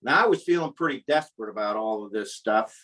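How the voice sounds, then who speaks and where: A man's voice: lowish voice, animated, quick pace, a bit bright, far from the mic, rough recording. A man telling a comic personal story at a live storytelling event, wry and self-mocking.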